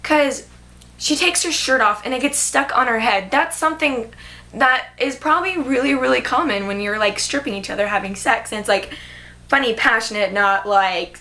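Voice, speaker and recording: Her voice is fairly high and sharp, moving at a moderate pace. She's a young woman vlogger casually chatting about a movie she loved, gushing and leaning heavily on fillers, especially "like."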